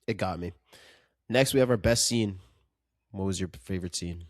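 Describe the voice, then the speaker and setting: A man's voice: low voice, normal speed, no room sound, clean studio sound. A man co-hosting a podcast, chatting casually about a film in an earnest, emphatic way and often stumbling over repeated words. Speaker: podcast co-host. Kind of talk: casual film review chat.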